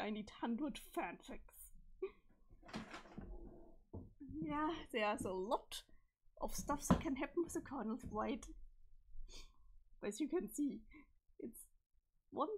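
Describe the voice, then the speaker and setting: Woman streamer, high voice, strained voice, casual read-aloud, swears freely. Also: animated. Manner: swears casually, quick reactions. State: voice strained from allergies. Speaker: streamer reading a webcomic aloud.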